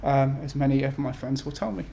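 A man's voice: medium pitch, a little fast, creaky, dark tone, slight background noise. A man in his thirties from the UK, an author talking to an event audience with many ums and restarts, then reading his essays aloud. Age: 30s.

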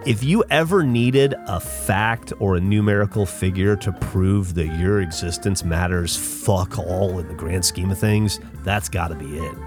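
A middle-aged man from the Southern United States hosting a podcast, telling a personal story in a halting, casual way with lots of fillers, restarts and swearing. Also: sits low, over music. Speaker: podcast host.

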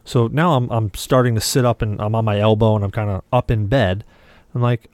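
On a casual podcast, a co-host with a low-ish, slightly mellow voice tells a long tale fairly quickly and with fairly even intonation. He vividly voices the quoted lines of each character. No room sound is audible.

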